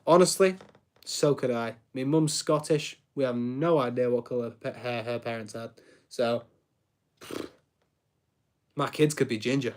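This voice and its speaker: A man's voice: mid-range voice, a little slow, pauses often, a little mellow. A young man chatting casually on a live stream while he builds, rambling, reacting to chat and tripping over his words.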